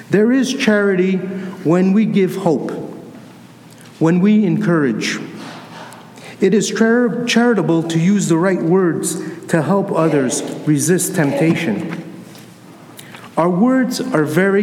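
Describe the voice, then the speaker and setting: A man's voice: sits high, a little mellow. A man giving a Sunday homily, telling a personal story in a conversational way and acting out the dialogue. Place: church. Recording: echoey church with long reverb, faint ambience.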